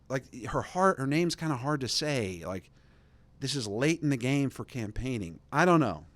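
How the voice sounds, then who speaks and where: A young man hosts a podcast, delivering a casual, sarcastic political rant full of fillers, tangents, and mocking impressions. His voice is fairly high and fairly bright.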